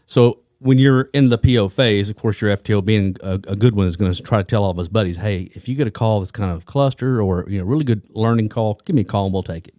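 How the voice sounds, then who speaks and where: A man's voice: fairly low pitch, fast, hardly any pauses, dark tone, no echo, clean studio sound. A man co-hosting a podcast, telling a rambling anecdote full of restarts and asides in casual chat. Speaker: police detective and co-host.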